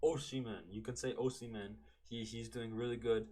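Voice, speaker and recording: Rambling football podcast host. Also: male voice, mid-range voice, fairly even intonation, moderate pace, mellow. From Canada. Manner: rambling, self-correcting, keeps saying "man". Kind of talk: casual solo podcast chat.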